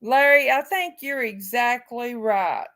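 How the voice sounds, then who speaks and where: A woman hosting a casual live stream speaks to her chat viewers in a slightly high voice with a gravelly edge. Her talk is slow and unhurried, and she comes across as outspoken and heartfelt. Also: a bit bright. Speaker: livestream host.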